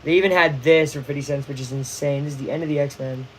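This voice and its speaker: A young man hosting a casual live baseball watch-along, chatty and excitable, full of slang. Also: fairly high pitch, fast talker, slight background noise, low-quality recording. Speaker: livestream host.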